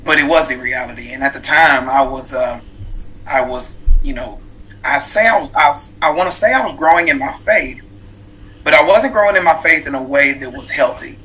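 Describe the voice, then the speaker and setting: A man in his thirties recounts a life-changing personal story as an interview guest. His voice sounds bright and forward. He talks earnestly and reflectively, full of fillers and restarts. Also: mid-range voice, moderate pace, rough recording. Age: 30s. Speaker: guest, author.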